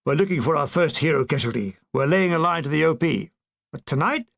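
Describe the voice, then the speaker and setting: A blustering army sergeant, gruff and bossy, barking orders at his men, as a man puts him on. He pushes his voice up high and loud when he loses patience. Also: animated, a little fast. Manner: barking, exasperated.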